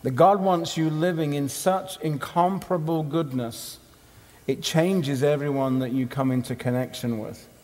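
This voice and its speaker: In a conference hall with long reverb, a male conference speaker preaches a sermon in short, punchy phrases, emphatic and rhythmic. His pitch is fairly high, his pace measured, and his tone on the dark side.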